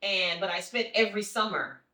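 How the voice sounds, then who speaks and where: Bright-voiced woman, animated storyteller, echoey room. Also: mid-range voice, fairly quick, distant mic. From Mississippi, USA. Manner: animated storyteller, acts out quoted people. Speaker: singer and guest. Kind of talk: casual chat.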